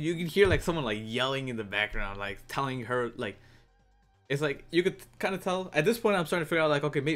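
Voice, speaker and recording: A man's voice: mid-range voice, a bit bright. A young man casually telling a story as a gaming YouTuber, rambling with many fillers and restarts.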